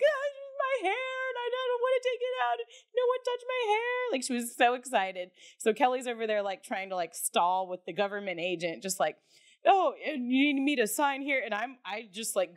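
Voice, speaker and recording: A woman co-hosting a podcast, telling a story in a loose, animated way, laughing often and swearing casually. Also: mid-range voice. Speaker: podcast co-host.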